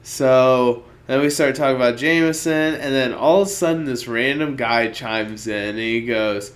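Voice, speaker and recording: A man's voice: mid-range voice, moderate pace, few pauses. A man co-hosting a podcast, telling a story in casual chat and acting out the people in it. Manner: animated, acts out the people in his story. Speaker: podcast co-host.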